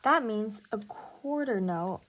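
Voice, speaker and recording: A woman's voice: medium pitch, animated, slow pace, fairly bright tone. A young woman teaching music theory in a casual recorded lesson, thinking aloud and counting beats.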